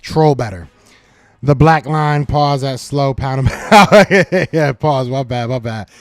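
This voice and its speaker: Speaking slowly at a medium pitch, a man hosts a sports talk live stream with soft background music and no room sound. The podcast host animatedly teases chat commenters, repeating his jabs several times.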